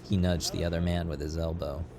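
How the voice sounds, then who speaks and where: A man reading a scripted story as narrator, in a steady, measured way. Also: low-pitched. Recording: audible background noise.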